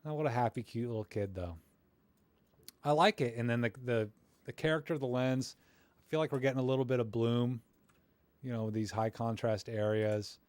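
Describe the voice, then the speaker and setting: This man's voice is medium-pitched and a little mellow, fairly quick but with frequent pauses, and free of echo. He hosts a live stream critiquing viewers' photos, talking in a rambling, self-deprecating, filler-heavy way that's friendly and encouraging.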